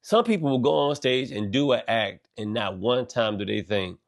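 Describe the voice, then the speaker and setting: A middle-aged man hosting a podcast, delivering a loose, animated monologue full of slang and swearing. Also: medium pitch, moderate pace, creaky, hardly any pauses. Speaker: podcast host. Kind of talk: casual monologue.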